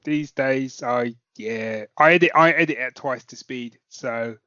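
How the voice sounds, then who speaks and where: A man's voice: mid-range voice, measured pace, sharp tone, no room sound, dull audio. A man co-hosting a casual podcast chat, dry-humoured and a little rambling. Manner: dry, laid-back, rambling. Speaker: co-host.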